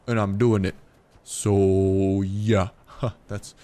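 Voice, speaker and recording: A man's voice: mid-range voice, sing-song, a little slow, darkish tone. A young man giving a rambling, casual commentary over a game late at night, tired and swearing freely, his voice jumping up in surprise. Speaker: gaming youtuber. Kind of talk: casual let's play commentary.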